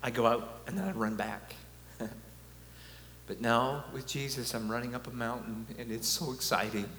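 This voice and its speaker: A man's voice: mid-range voice, normal speed, fairly bright tone. A man giving an earnest, conversational preaching talk with chuckles, at a conference in a large hall. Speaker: conference speaker. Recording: echoey hall, faint hum.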